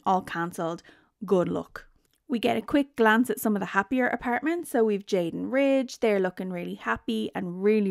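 A woman's voice: medium pitch, no room sound, clean studio sound. A woman reviewing a reality TV show in a casual, sarcastic rant, swearing freely. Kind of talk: casual spoken recap.

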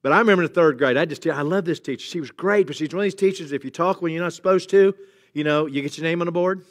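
A man's voice: on the high side, fast. A middle-aged man preaching a sermon in a church, conversational and jokey, with chuckles and asides to the congregation. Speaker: pastor. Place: church sanctuary.

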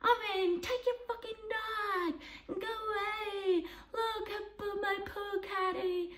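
A woman putting on the voice of a shrill, indignant woman who scolds from a window, outraged and screeching. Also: steady tone, takes it slowly, a bit bright, a little hiss or hum, full character voice. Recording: roomy echo.

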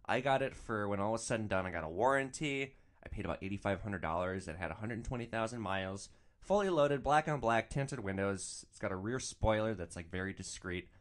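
Animated, swearing young man telling stories. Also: fairly low pitch, a little fast. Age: 20s. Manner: profane, animated, joking. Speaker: podcast host and rideshare driver. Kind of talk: casual storytelling.

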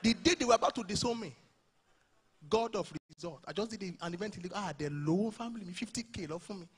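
A man with a Nigerian accent performing animated stand-up comedy live at a church event. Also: sits high, fast, husky. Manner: animated, mixing Pidgin and Yoruba.

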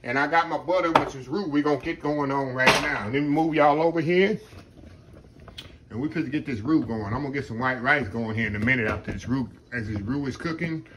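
A man's voice: medium pitch, fairly quick, noisy background. A middle-aged man hosts a casual cooking demonstration, talking in a folksy, rambling way and calling viewers y'all. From Texas. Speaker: home cook host.

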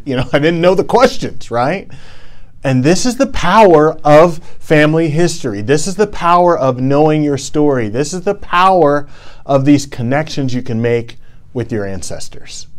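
Earnest man giving an impassioned talk. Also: mid-range voice. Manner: earnest, impassioned, rhythmic repetition for emphasis. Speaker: presenter. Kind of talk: TED-style inspirational talk.

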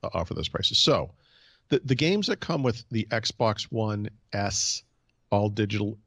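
A man's voice: lowish voice, big pitch swings, a little slow, fairly bright tone, husky, dry recording, clean studio sound. A man hosting a casual tech podcast, thinking aloud in a chatty way. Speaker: podcast host.

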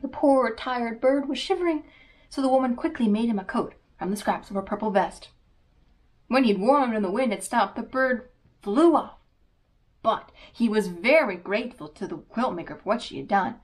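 A woman reading a children's storybook aloud with an expressive storytelling cadence. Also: on the high side, moderate pace, rough recording.

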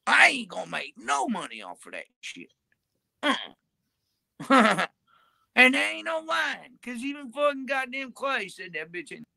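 An older woman with a gravelly, creaky voice that swings widely up and down in pitch. She talks bluntly and profanely, rambling from point to point in a tight, dry sound. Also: huge pitch swings, moderate pace, pushed and bright, no echo. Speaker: interviewee in a played clip. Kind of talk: crude street interview talk.

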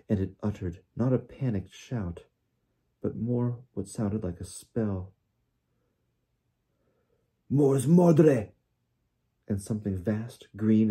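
A man narrating an audiobook in a steady storytelling manner. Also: fairly low pitch, slightly rough. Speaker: audiobook reader.

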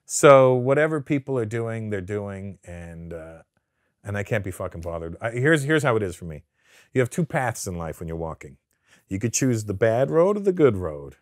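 Man, from Canada, lower voice, dry close sound, animated anecdotes, swears a lot. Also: normal speed, dry recording. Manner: profane, animated storyteller who acts out quotes. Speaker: guest comedian. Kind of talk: casual interview storytelling. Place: studio sit-down interview.

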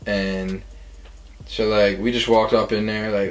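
Low-voiced young man telling party stories. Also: little pitch movement, a little slow, poor audio. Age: young adult. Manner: rambling, says "like" a lot, acts out quotes. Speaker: storytelling guest.

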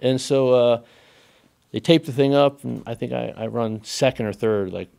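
Guy on a podcast spinning old racing stories, mid-pitch voice, lots of "like" and restarts, rambly and animated. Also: moderate pace, gravelly, clear, resonant tone. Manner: animated, rambling with many fillers and restarts, laughs often. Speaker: guest race car driver. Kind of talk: casual storytelling in a podcast interview.

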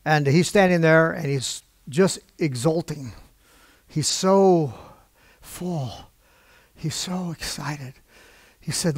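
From the church pulpit, a male pastor tells a story as a sermon, speaking conversationally and performing the dialogue himself. His voice sits on the high side, moving slowly with frequent pauses, and there's no echo.

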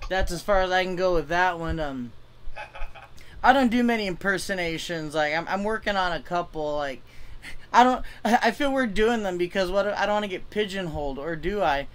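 A man's voice: high-pitched, expressive, normal speed, fairly bright tone, clear, resonant tone. A young man from California doing a stand-up set over a video call, rambling and self-deprecating with many stammered restarts. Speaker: stand-up comic.

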